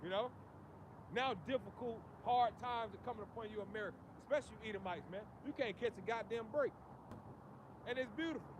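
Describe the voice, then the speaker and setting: A man with a high voice preaches on the street, driving each point home in an emphatic, preachy cadence. He keeps tagging lines with "man" and "you see". Clear outdoor street noise runs behind him. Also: a little fast.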